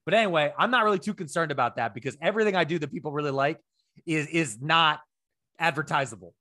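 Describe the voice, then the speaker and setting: A middle-aged man co-hosting a podcast, telling profane stories in a casual chat that climbs to near-shouts. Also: on the high side, fast. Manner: animated, profane storytelling, rising to near-shouts. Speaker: podcast co-host.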